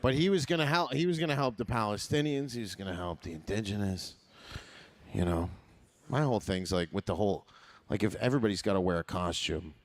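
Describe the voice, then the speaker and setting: A man's voice: fairly low pitch, a little fast, a little hiss or hum. A man doing crude stand-up comedy on stage, mocking and laughing at his own jokes.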